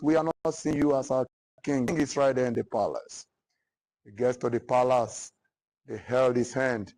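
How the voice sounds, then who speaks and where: A man with a Nigerian English accent, a literature teacher retelling a long narrative poem to students and acting out the characters' lines. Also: a little mellow. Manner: dramatic storytelling, acting out the characters' lines with rising pitch and force.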